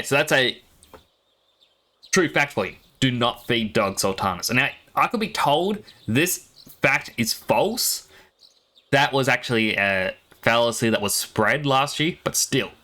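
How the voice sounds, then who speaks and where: A young Australian man who streams as a VTuber chats casually while playing a game, telling rambling stories with plenty of laughs. His voice sits in the mid range at a normal speed, and he pauses often as he animatedly wanders through his tales.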